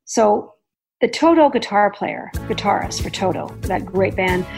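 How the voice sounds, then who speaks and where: A middle-aged woman hosting a podcast, chatting in an animated way and laughing easily. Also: mid-range voice, unhurried, vocal fry, faint music behind. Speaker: podcast host. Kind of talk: casual chat.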